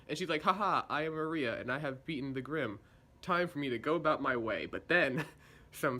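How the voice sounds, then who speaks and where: A man's voice: medium pitch, bright, forceful tone. A young man recapping and reviewing a show episode in a casual, sarcastic, chatty way, slipping into voices for quotes.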